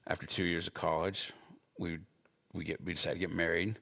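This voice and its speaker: Gravelly deep-voiced man in his forties. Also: flat delivery, a little fast, sharp tone. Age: 40s. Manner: earnest, emphatic, with personal stories. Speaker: Bible school instructor. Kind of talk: conversational teaching talk.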